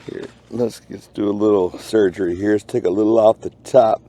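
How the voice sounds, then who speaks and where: A man with a Texan drawl talks along as he digs in a park, folksy and full of jokes and made-up words. His voice sits low and mellow with a gravelly edge. It is casual outdoor narration to the viewers. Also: steady tone, fairly quick, a little hiss or hum. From Texas. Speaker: metal detecting channel host. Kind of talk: casual narration while detecting.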